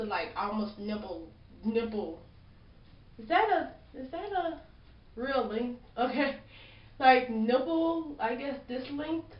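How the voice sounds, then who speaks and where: A young woman chatting casually in a hair vlog, telling a story and acting out what people said. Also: high-pitched. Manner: chatty storytelling, acts out quotes. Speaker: hair vlogger. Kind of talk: casual chat. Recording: roomy lo-fi home video.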